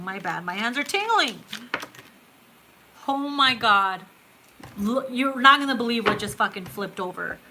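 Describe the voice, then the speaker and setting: A woman in her thirties giving a live tarot reading in a casual, excitable way. She swears freely, laughs often and calls her viewers boo and babe. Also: a little high, noisy background. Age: 30s. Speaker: tarot reader.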